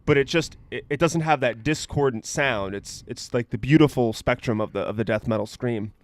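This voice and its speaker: In a casual podcast chat, a young male co-host rambles through stories, swearing and leaning on "like" as filler. He speaks at a moderate pace with a medium-pitched voice.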